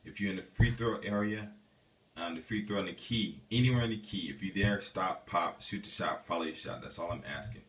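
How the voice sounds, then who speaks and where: A man speaks in a very deep, low register as he tells a personal story to his viewers. He rambles and restarts, filling pauses with "um" and "you know". His delivery is casual and animated. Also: distant mic. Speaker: vlogger telling a personal story.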